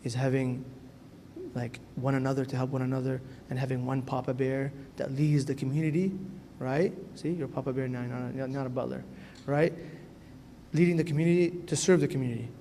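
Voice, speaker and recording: A man who is a priest delivers a brisk sermon to a youth gathering, his voice mellow and medium-pitched with fairly even intonation. He speaks earnestly and conversationally, often tossing in "right?", in an echoey church hall with faint noise.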